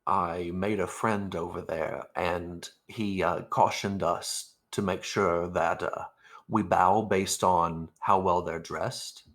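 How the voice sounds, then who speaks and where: A gruff older ex-soldier adventurer, voiced by a man in a tabletop role-play stream. His voice sits very low, and he delivers his lines with a dry, teasing manner. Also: steady tone, slow pace, a bit bright, heavily acted.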